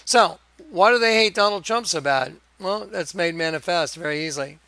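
A man giving a rambling religious monologue over images, in an excitable, emphatic manner with chuckles. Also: sits high, normal speed, gravelly, no room sound. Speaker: video preacher.

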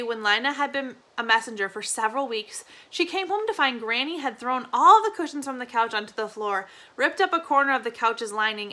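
A woman teacher reads a novel aloud, chapter by chapter. Her voice is bright and sits a touch high. She keeps a steady pace and corrects small slips as she goes.

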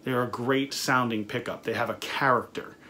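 A man's voice: medium pitch, fairly even intonation, normal speed, pushed and bright, slight background noise. Casual middle-aged man reviewing a guitar. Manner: conversational, frequent fillers and restarts. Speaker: guitar reviewer and studio owner. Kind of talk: casual product review talk.

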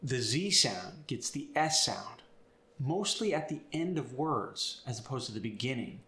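A man teaching accents and explaining sounds step by step in an upbeat, clear way. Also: medium pitch, expressive, measured pace, sharp tone, roomy sound. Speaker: accent coach. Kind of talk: instructional video.

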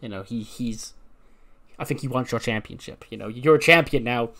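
A cocky, cryptic young male wrestler from a wrestling game story, read out by a man in a middle-pitched, everyday voice. He teases and holds things back. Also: moderate pace, fairly bright tone, close to an everyday voice. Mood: smug, cryptic.

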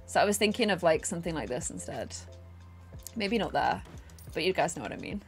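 A woman's voice: big pitch swings, fairly quick, gravelly, faint music behind. Woman, casual game stream, chatty, bubbly, sing-song delivery. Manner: chatty, bubbly, talks to her pets in a high baby voice. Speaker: streamer playing a life sim game. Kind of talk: casual live-stream chat. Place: home desk.

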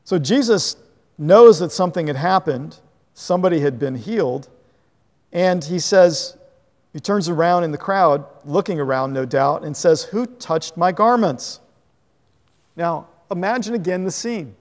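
Animated pastor preaching with long hall reverb. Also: male voice, a little high, normal speed. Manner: animated, conversational, laughs at own asides. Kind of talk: sermon. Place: church sanctuary.

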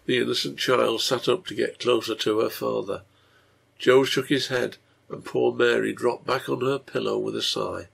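Gravelly, husky male storyteller. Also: medium pitch, steady tone, moderate pace, fairly bright tone. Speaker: translator reading his own translation. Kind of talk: storybook narration.

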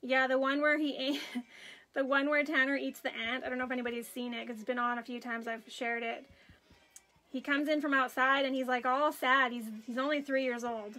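Woman, craft live-stream host, casual chatty talk, high voice, bright tone. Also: fairly quick, soft background music, low-quality recording. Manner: chatty, animated storytelling, greets viewers while working. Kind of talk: casual chat while crafting.

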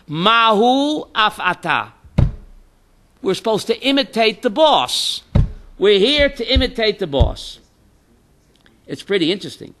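A male rabbi lecturing a Torah class in a high, bright voice that swings widely in pitch. He keeps firing rhetorical questions at his students and calls on them by name. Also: big pitch swings, moderate pace, pauses often. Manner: quizzes students by name, mixes in Hebrew terms.

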